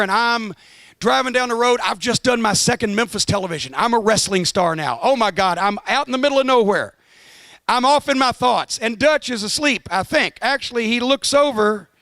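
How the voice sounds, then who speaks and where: Guy roasting his buddy, really high bright voice, crude sarcastic jokes, sounds tight and close. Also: no echo. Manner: sardonic, profane, animated storyteller. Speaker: roast guest of honor. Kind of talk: comedy roast speech, storytelling.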